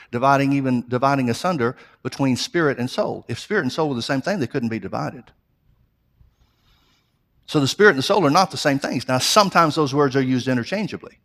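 A pastor preaching a sermon in an earnest way, often restarting phrases and building emphasis. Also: male voice, mid-range voice, fairly bright tone. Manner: repeats himself, restarts phrases.

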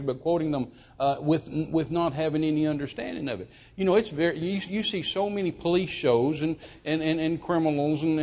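A man's voice: on the high side, warm tone. A man preaching a sermon, stumbling through repeated restarts and then rising into emphatic quotation.

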